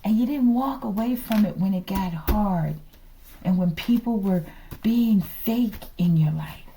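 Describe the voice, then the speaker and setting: A woman's voice: medium pitch, a little slow, mellow, slight background noise. A woman giving a casual tarot reading, thinking aloud and dropping into whispered asides to the viewers. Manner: drops into whispered asides, often addresses the viewers as the collective; rambling, thinks aloud with frequent sighs and laughs. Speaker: tarot reader.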